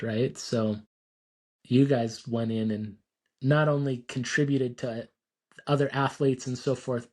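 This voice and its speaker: This man is a podcast host in relaxed conversation. He backs up his guest and leans on "right?" and "like" as he frames his questions. His voice sits at a plain middle pitch for a man. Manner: conversational, affirming, asks loose follow-up questions. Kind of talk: casual interview chat.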